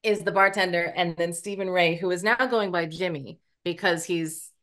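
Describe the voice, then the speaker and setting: An American woman co-hosting a podcast, recapping a film in casual chat, animated and quick to laugh. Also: fairly low pitch. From United States. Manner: animated, laughs often, acts out characters' lines. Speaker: podcast co-host. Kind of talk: casual movie review chat.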